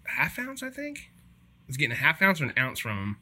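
Blunt, profane man with bright voice. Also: a little high, huge pitch swings, a little fast. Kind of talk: casual chat.

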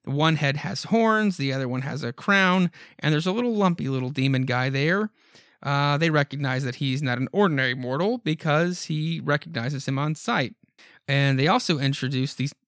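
A man's voice: on the high side, a bit bright, no room sound, clean studio sound. A man hosting a podcast, casually retelling a horror comic with lots of ums and offhand asides. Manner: rambling, frequent ums and asides. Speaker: podcast host. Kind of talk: casual comic book recap.

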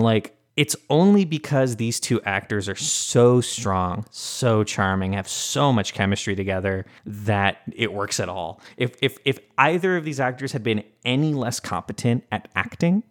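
A man co-hosting a podcast, talking about an old film in an animated, blunt way and swearing now and then. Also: on the low side. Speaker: podcast co-host. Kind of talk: casual film discussion.

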